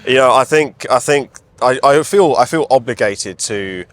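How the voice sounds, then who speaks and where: A man's voice: mid-range voice, normal speed. Hesitant man, thoughtful. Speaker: interview guest, father. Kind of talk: casual chat.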